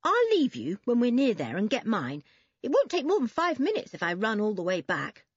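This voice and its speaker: A cheeky, boastful boy talks in a raised, lively and slightly breathy voice, put on by a woman. The recording is dry and a little dull. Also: on the high side, normal speed, dry recording, voice pushed up, full character voice. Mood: eager. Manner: lively, bragging.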